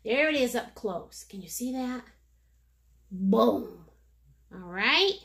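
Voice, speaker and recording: Brief: woman, high bright voice, playful art teacher, chatty and encouraging. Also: expressive, slow, vocal fry, long pauses. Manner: silly, joking, encouraging; chatty, endearing pet names. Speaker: painting instructor. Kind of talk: live painting lesson.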